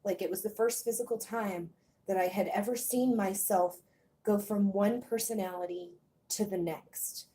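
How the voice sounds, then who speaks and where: A woman born in Germany, speaking hesitantly with many pauses in a personal confessional vlog, a little out of breath. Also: mid-range voice, steady tone, dark tone, slightly rough. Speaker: vlogger.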